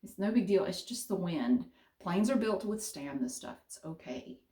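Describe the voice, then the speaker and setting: A woman voicing her calm, easygoing son as he reassures her, in a roomy echo. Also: fairly low pitch, normal speed, close to an everyday voice. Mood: soothing. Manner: easygoing, soothing.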